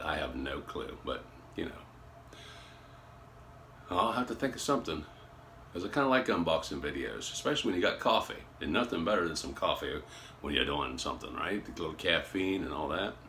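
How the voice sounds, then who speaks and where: A man's voice: a bass voice, sharp tone, a little hiss or hum. A man chatting casually as he unboxes on a phone, folksy and rambling, with many fillers and restarts. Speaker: gun hobby vlogger.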